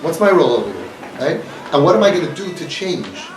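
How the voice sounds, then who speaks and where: A man's voice: fairly high pitch, big pitch swings, fairly quick, noisy background. Impassioned man preaching in an echoey hall. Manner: impassioned, preacherly, laces speech with Yiddish and Hebrew words. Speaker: speaker of a community organization. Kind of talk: motivational talk to an audience. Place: hall with a live audience. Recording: echoey room, mic from a distance.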